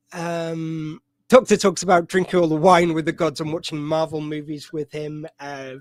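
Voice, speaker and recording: Rambling man with a higher voice. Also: no room sound. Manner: rambling, digressive, many fillers and restarts. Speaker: podcast host. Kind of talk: casual live-stream commentary.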